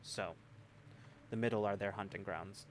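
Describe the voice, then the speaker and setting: A man voicing a weary, haunted male wastelander who speaks quietly and grimly and repeats himself. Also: fairly low pitch, fairly even intonation, normal speed, slight background noise, natural voice. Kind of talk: tabletop role-play voicing.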